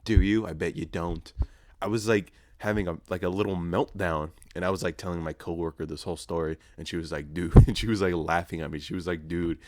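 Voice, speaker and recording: A man's voice: deep voice, fairly even intonation, quick pace, few pauses, no echo. A man in his early twenties hosting a solo podcast, telling a rambling, profane, self-mocking story in casual chat. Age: early 20s. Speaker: podcast host.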